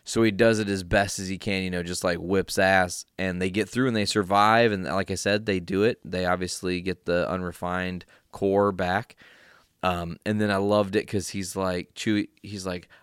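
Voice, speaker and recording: A man giving an excited, casual recap of a movie, full of swearing and filler words. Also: deep voice, normal speed, clear, resonant tone, no room sound, clean studio sound. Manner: enthusiastic, swears often, lots of fillers. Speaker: film reviewer.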